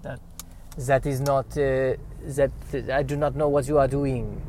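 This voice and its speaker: A man voicing a haughty Frenchman with a fake French accent, talking in a slow, clipped, condescending way. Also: mid-range voice, little pitch movement, darkish tone, close to an everyday voice. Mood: disdainful.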